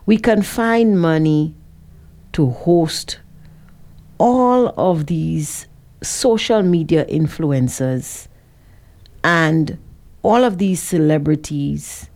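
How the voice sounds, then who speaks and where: Slow, low-voiced woman radio host. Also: a little mellow. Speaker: radio talk show host. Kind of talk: call-in radio talk.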